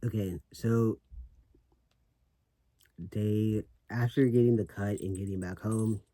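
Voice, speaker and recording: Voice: medium pitch, steady tone, slow, dark tone, no room sound. A vlogger talking casually to camera in a sassy, brash, profane way, laughing often, with speech slurred by a swollen tongue. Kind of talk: casual vlog talk.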